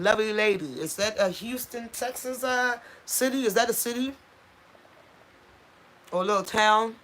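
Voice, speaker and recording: A woman's voice: medium pitch, a bit bright, slight background noise. A woman hosting a casual livestream, chatting with viewers and reading out their comments, tripping over unfamiliar place names. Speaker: channel host.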